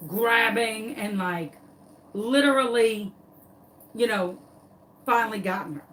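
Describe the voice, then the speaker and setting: A woman, hosting a craft tutorial and telling a story to her viewers in a dramatic, animated, casual way. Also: mid-range voice, a little hiss or hum.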